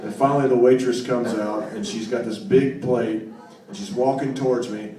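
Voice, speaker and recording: A man's voice: mid-range voice, fairly even intonation, normal speed. A man with a wry, rambling, self-deprecating way of telling a story between songs at a live show. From United States. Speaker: singer-songwriter performing live. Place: live venue with audience. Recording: roomy live recording from a distance, crowd audible.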